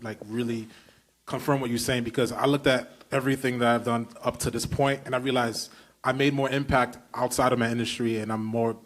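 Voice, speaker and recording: A man's voice: medium pitch, little pitch movement, a little fast. A man with a Brooklyn accent hosting a podcast, talking emphatically and stringing long questions together. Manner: emphatic, enthusiastic, piling up run-on questions. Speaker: podcast host. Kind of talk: casual podcast conversation.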